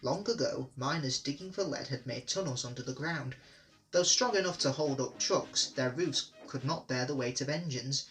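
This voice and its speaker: A man reading children's railway stories aloud in a clear, measured way. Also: mid-range voice, a bit bright, faint music behind. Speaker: storybook reader. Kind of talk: storybook narration.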